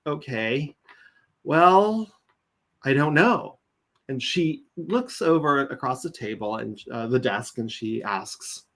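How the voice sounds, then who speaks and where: A man's voice: medium pitch, unhurried. A man from California, a nursing executive guest in an interview, telling stories animatedly and acting out quotes. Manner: animated storyteller, acts out quotes, laughs. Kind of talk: interview conversation, storytelling.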